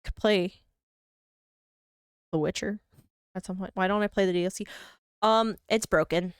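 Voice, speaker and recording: A woman's voice: mid-range voice, moderate pace, smooth, dry recording, clean studio sound. A young woman streaming a game from home, chatting casually in a rambling, mock-whiny, self-deprecating way. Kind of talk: casual live-stream chat.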